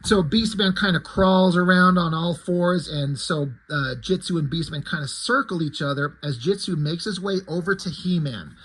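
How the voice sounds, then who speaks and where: A man's voice: fairly high pitch, moderate pace, hardly any pauses, fairly bright tone, husky, rough recording. A man, a comic creator, casually recapping his story in a loose, rambling way.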